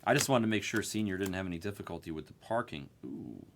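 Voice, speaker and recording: A man hosting a live card break, telling a story in an animated, profane rant. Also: sits low, fast, slight background noise.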